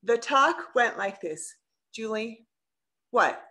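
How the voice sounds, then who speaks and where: A middle-aged woman, a leadership coach, giving an earnest and expressive workshop talk to a group on a video call, asking them questions as she goes. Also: mid-range voice, moderate pace. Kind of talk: live online workshop talk.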